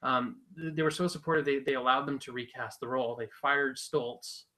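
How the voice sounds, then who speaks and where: Man, podcast co-host, casual chat, lively storytelling, does voices for quotes. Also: medium pitch, fairly quick, poor audio. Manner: animated storytelling, acts out quotes. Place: small room, live podcast.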